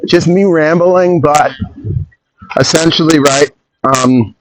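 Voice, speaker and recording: Man, podcast host, rambling solo talk, opinionated rants, slightly high voice, faint background hiss. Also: poor audio. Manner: opinionated, self-interrupting, quick tangents. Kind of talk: casual rambling monologue.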